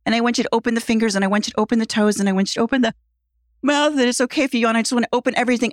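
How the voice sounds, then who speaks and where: A woman's voice: a little high, racing, dry recording, studio quality. A woman psychotherapist, a podcast guest, playfully coaching a host through a guided body exercise. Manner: playful, coaching, lively instructions.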